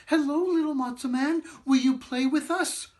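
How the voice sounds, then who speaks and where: A man's voice: extremely high pitch, normal speed, a little mellow, voice pushed up. A man voicing two eager young children, a brother and sister, calling out in a storybook reading. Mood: excited. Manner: eager, pleading, exclamatory.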